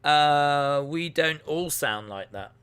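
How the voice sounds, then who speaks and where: A man's voice: on the high side, lively intonation, slow pace, fairly bright tone, clean tone. A man hosting a live stream, reacting to wrestling in casual commentary, joking and answering chat messages. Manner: jokey, reads out and answers chat.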